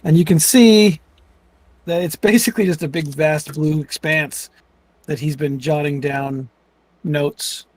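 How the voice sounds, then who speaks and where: A man's voice: fairly high pitch, fairly even intonation, a little slow, darkish tone, no echo. A man narrating as game master of a tabletop game, rambling with frequent restarts.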